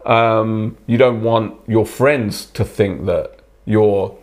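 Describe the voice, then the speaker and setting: Halting, slightly hoarse man. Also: on the low side, fairly even intonation, a little mellow. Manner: halting, many restarts and laughs. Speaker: podcast co-host. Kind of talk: casual chat.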